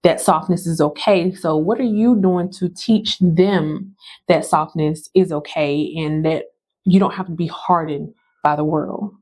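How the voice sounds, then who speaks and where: Slow, low-voiced woman host. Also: steady tone. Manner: gentle, affirming, asks long questions. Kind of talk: interview questions.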